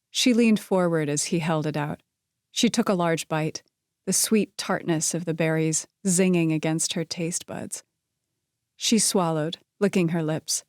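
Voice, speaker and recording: A woman narrating a romance novel in an even, measured reading voice on a close studio mic. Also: low voice, no echo. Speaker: audiobook narrator. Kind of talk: scripted narration.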